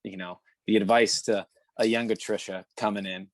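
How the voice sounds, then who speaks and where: A man cohosting a podcast, asking questions in a relaxed, casual way with plenty of fillers. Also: fairly low pitch, normal speed, no echo.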